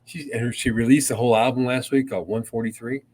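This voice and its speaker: A man's voice: medium pitch, fairly even intonation, fast, a little mellow, breathy edge. An older man co-hosting a casual radio podcast, rambling through anecdotes and swearing freely. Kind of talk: casual storytelling chat.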